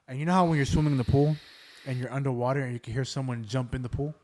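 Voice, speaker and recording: Talking rapid-fire in a dark, steady, mid-range voice, a podcast host spins family ghost stories in a rambling, filler-heavy way. It's a casual storytelling chat.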